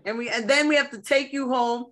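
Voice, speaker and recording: Co-host: New woman, higher pitch, teasing banter. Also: fairly even intonation, fairly quick, fairly bright tone. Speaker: podcast co-host. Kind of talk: casual chat.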